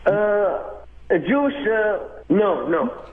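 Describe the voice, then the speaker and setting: Hesitant man from Libya, higher pitch, heard through a tinny phone line. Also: lively intonation, noisy background. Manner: halting, hesitant English. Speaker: phone call recipient.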